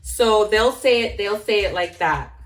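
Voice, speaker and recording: A woman's voice: mid-range voice, measured pace, roomy sound, far from the mic, faint music behind, low-quality recording. A young woman born in Jamaica, chatting casually while she cooks and trying out patois phrases. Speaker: cooking vlogger. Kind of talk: casual chat while cooking.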